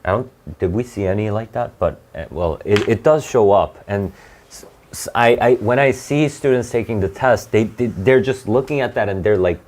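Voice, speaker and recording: A young man with a low, darkish voice teaches a live test-prep class as an SAT tutor. He works through each question in a halting, chatty manner, full of fillers and constant sentence restarts. There's slight noise in the background.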